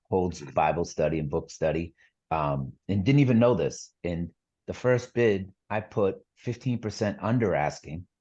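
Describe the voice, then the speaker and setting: A man's voice: low-pitched, warm tone, husky, muffled recording. A middle-aged man, a podcast guest, telling his story earnestly in a rambling casual way with lots of fillers and restarts.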